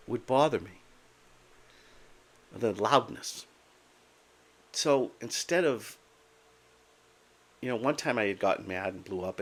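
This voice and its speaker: A man's voice: medium pitch, fairly bright tone. An older man talking candidly and plainly to camera about living with his condition, with blunt humor and frequent asides. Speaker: vlogger sharing his Meniere's experience. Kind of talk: casual personal talk to camera.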